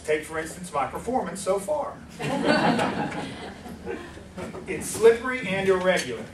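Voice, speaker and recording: A man's voice: sits high, very animated, brisk. A man from Virginia, moderating a live festival panel with dry, self-deprecating humor. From West Virginia. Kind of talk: live panel introduction with jokes. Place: book festival hall. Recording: roomy hall, distant mic, faint noise.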